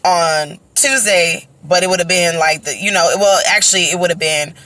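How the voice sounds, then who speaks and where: A woman's voice: on the low side, moderate pace, no room sound. Chatty young woman telling a story on a walk. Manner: animated, conversational, heavy use of fillers like "you know" and "right?". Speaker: vlogger telling her birth story. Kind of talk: casual storytime monologue. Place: outdoors, on a walk. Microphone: phone.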